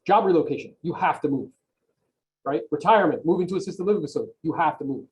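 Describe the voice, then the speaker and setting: A man's voice: on the high side, expressive, fast, low-quality recording. A man giving an emphatic, motivational coaching talk on a video call, often checking in with "right?". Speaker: real estate coach, guest on a video call.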